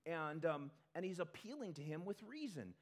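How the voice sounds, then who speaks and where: A male pastor giving a conversational sermon to a congregation in a church, talking in an animated way. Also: fairly high pitch. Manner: animated, acts out quick character voices.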